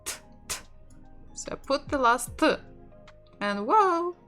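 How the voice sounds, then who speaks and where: A woman teaching a language lesson online, speaking English with a Russian accent. She talks slowly and patiently. Soft music plays faintly behind her. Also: high voice, big pitch swings. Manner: patient, explains slowly, laughs softly now and then.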